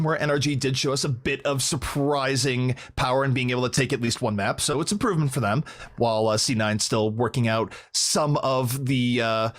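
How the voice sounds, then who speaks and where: A man from Minnesota casting an esports match, breaking down maps and results in a quick, analytical way. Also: medium pitch. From Minnesota, United States. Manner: fast analytical play-by-play breakdown. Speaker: esports caster. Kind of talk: esports commentary.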